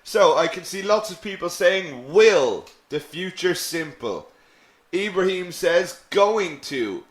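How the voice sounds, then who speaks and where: A male English teacher leads a live online lesson and answers viewers' questions as they come in. He talks slowly and patiently, repeating phrases so they sink in. His voice carries some echo from the room. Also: high-pitched, expressive. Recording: echoey room.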